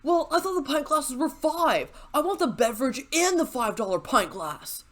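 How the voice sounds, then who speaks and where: A woman's voice: high voice, expressive, moderate pace, voice pushed up. A woman putting on a huffy entitled bar customer. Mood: indignant.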